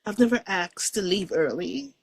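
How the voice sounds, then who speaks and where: A woman giving an earnest, reflective spiritual testimony as a guest, speaking softly and often dropping to a hush. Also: medium pitch, lively intonation, normal speed, slightly rough. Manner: soft-spoken, reflective and earnest. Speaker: guest describing a near-death experience.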